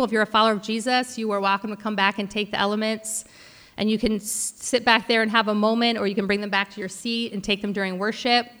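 A woman's voice: on the high side, a bit bright, in a large hall. A woman pastor giving a heartfelt sermon, telling a personal story with frequent restarts. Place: large church hall.

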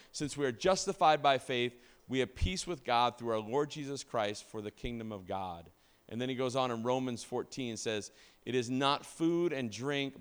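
Male pastor, middle-aged, relaxed sermon delivery with restarts and questions to the room, mid-pitched voice. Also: clean tone. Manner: casual, many fillers and restarts, asks the congregation questions. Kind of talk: conversational sermon.

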